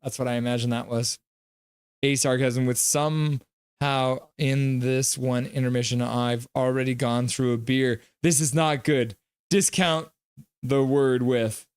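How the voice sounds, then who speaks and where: A man hosts a live hockey reaction stream in a chatty, joking way, reading viewers' messages aloud and breaking into quick play-by-play calls. His voice is smooth and clear, pitched in a middle range, and it sounds dry and close with no room echo. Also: fairly even intonation.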